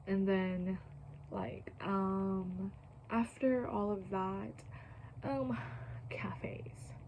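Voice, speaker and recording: A young woman in a casual how-to vlog, talking in a chatty, filler-heavy way that often drops to a soft whisper, a little out of breath. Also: medium pitch, a little hiss or hum, low-quality recording. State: slightly out of breath. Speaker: YouTuber.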